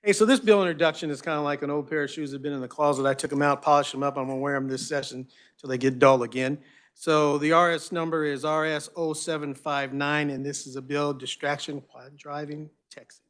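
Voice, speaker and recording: A man's voice: a little high, fairly even intonation, quick pace, fairly bright tone. A state representative, a man, introducing a bill in a joking, folksy way in a committee room. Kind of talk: testifying at a hearing.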